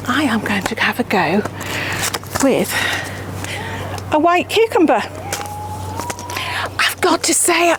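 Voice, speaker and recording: A woman's voice: on the high side, lively intonation, unhurried, long pauses, background noise. A woman hosting her gardening channel, chatting casually and mocking herself as she sows seeds outdoors, sometimes dropping to a whisper while she works. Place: outdoor garden beside raised beds.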